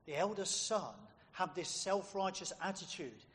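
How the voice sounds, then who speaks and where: A man's voice: high-pitched, expressive, measured pace, fairly bright tone, big-room sound. A man preaching a sermon, emphatic and fond of rhetorical questions put to his listeners.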